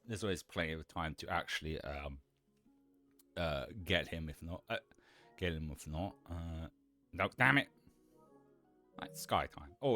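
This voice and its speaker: A man with a deep voice chatting casually on a live stream, rambling and restarting his sentences, often giggling. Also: a bit bright. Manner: rambling, self-interrupting, giggly.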